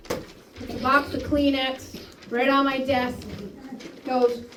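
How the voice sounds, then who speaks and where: A woman speaking at a school library ceremony, telling a lively anecdote and acting out the quoted dialogue. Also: sits high, slow pace. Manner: storytelling, acts out quoted dialogue. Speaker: school staff hosting a ceremony. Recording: echoey room from far off, faint noise.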